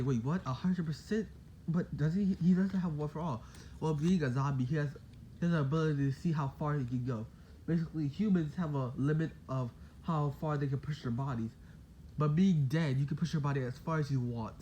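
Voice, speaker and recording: A man's voice: medium pitch, dark tone, slight background noise. A man casually telling a made-up fan story, rambling with lots of "like" and "basically".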